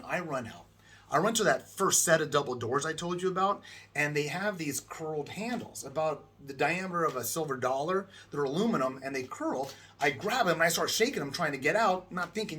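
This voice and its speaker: A man's voice: fairly high pitch, slight background noise. A middle-aged man from the United States, telling a travel story casually and acting out the people in it. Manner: animated, acts out voices of people in the story.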